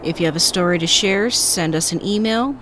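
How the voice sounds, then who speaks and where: Woman narrator, lowish voice, calm scripted horror storytelling, faint background hiss. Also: brisk. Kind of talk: scripted narration of scary stories.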